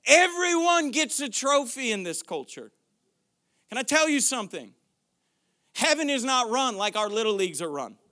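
A man pastor preaching a sermon, moving from quiet questions to loud, shouted declarations. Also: extremely high pitch, big pitch swings, normal speed.

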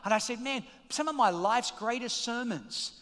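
High bright-voiced preaching pastor. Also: male voice, moderate pace. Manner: energetic, shouting calls to the congregation. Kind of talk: sermon. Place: large church auditorium. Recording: long hall reverb.

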